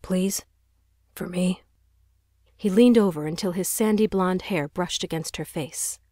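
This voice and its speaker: Low-voiced woman narrating an audiobook. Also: moderate pace, dark tone, no echo, studio quality. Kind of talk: scripted narration.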